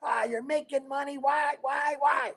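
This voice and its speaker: A scoffing, dismissive naysayer, as a high-voiced man mimics him with mocking disbelief. The voice sounds very high and stays close to the speaker's own everyday voice. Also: fairly even intonation, measured pace, vocal fry, a bit bright, exaggerated voice. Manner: mocking, incredulous.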